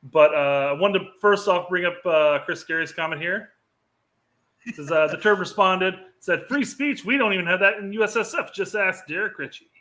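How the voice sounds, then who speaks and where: Joking high-voiced podcast man. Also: normal speed, sharp tone. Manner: joking, teasing interjections. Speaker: podcast co-host. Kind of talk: casual sports podcast banter.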